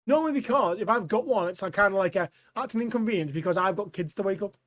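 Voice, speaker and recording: A man co-hosting a comedy podcast, talking in excitable casual banter and breaking into loud silly shouts and laughter. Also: sits high, quick pace, few pauses. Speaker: podcast co-host.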